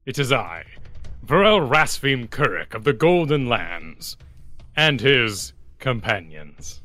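A man playing a proud exiled male chieftain who makes slow, grandiose declarations. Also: mid-range voice, very animated, pushed and bright, soft background music, heavily acted.

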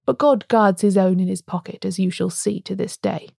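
A grim, fanatical village blacksmith of a storybook, put on by a woman reader. He speaks with calm, ponderous solemnity in a warm, mellow tone. The recording is close and dry. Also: medium pitch, moderate pace, creaky, husky, no room sound. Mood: stern.

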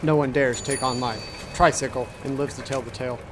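A man voicing a tough male tricycle-riding western hero and gang boss in a comedy movie-trailer spoof, with a gruff drawl. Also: medium pitch, steady tone, a little fast, noisy background, natural voice. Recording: distant voice over music.

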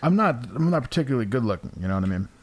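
A podcast host in his thirties speaks very fast with big pitch swings in a medium-pitched voice. His casual chat is rambling and crude, packed with fillers. He's in a room with a window open near a porch, and background noise is audible.

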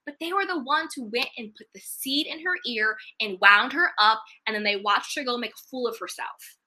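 A young woman with a very bright, ringing voice, talking with sass and emphasis. She sits a little high in pitch and keeps the chat casual and lively. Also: normal speed. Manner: animated, sassy, emphatic. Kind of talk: casual reality-TV gossip chat.

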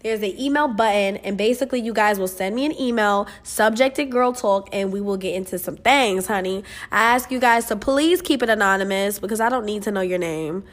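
A woman's voice: medium pitch, a little fast, few pauses. Earnest, emotional young woman podcaster. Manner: earnest and emotional, swears freely, calls listeners "you guys". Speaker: podcast host. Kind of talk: motivational casual podcast monologue.

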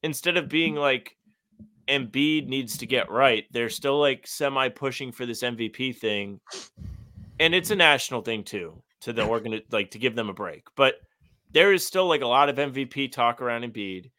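A man's voice: medium pitch, lively intonation, moderate pace, sharp tone. A man co-hosting a sports podcast, chatting casually in a blunt, sarcastic, profane way. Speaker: podcast co-host.

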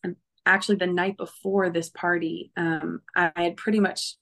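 A woman's voice: fairly low pitch, level tone, moderate pace, creaky, a bit bright. A woman guest recounting her testimony in an interview, earnest and emotional, with many fillers.

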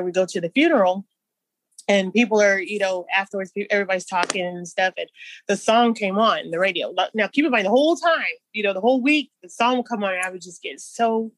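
A woman's voice: mid-range voice, dry recording. Woman telling her own stories in an interview, lots of restarts, little nervous laughs. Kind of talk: personal storytelling.

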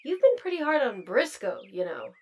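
A gentle female robot from a cartoon, voiced by a woman, speaks a bit high with lively rises and falls. She teases softly but stays kind. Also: normal speed, lo-fi sound.

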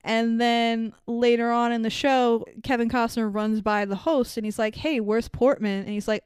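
A woman with a strikingly clear, smooth voice talks through a film's plot in casual podcast chat. She is animated, swears freely and slips into the characters' lines as she goes. The sound is close and dry. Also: on the high side, no room sound. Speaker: podcast co-host. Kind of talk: casual movie recap chat.

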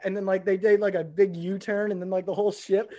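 A young man co-hosting a casual chat, excitable, laughing and loudly quoting scenes. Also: high voice, fast talker, dry recording, studio quality. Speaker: podcast co-host.

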